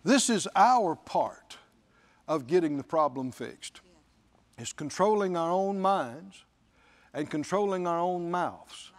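A man's voice: fairly high pitch, expressive, slow pace. A man preaching a sermon as pastor, emphatic, repeating phrases and quoting scripture.

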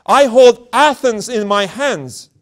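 Demon possessing a girl: high, loud, drawn-out and gloating, as a preacher puts it on. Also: expressive, soft background music, heavily acted. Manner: slow, loud, gloating declarations. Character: boastful demon possessing a young girl, spiteful and proud.

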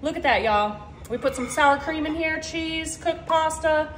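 A woman's voice: high-pitched, a little slow, a bit bright, roomy sound, a little hiss or hum. A woman hosting a casual cooking video in her home kitchen, chatting to viewers and saying y'all a lot. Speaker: cooking channel host. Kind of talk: casual cooking vlog chat.

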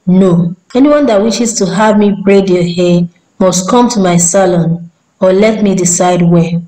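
A proud young hairdresser speaks bluntly and holds her ground, voiced by a woman storyteller. Her tone is mellow and dark, close to the narrator's own voice. It comes from a storybook reading. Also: mid-range voice, unhurried, lightly acted, rough recording. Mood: firm. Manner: firm and curt.

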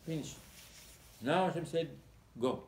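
A man's voice: fairly high pitch, animated, measured pace, a little mellow, a little hiss or hum. A man, a rabbi giving a Torah sermon, telling the story animatedly and acting out the dialogue, often repeating words as he searches for his phrasing. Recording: roomy echo, faint background ambience.

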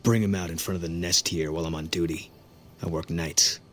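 An actor playing a grim, bitter soldier who talks in a curt, guarded way, in a video game. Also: male voice, sits low, steady tone, brisk. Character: grim, bitter soldier sniper, grieving husband. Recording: game audio under music.

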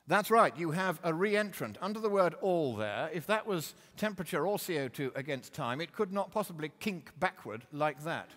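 A man's voice: fairly high pitch, animated, moderate pace, few pauses, a bit bright. A man giving a combative, mocking lecture with slides in a large hall. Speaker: public speaker.

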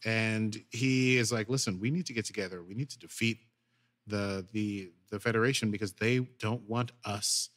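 A man's voice: lowish voice, normal speed. A man co-hosting a podcast, recapping an episode in casual chat and acting out the characters' lines. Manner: animated retelling with acted quotes. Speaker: podcast co-host.

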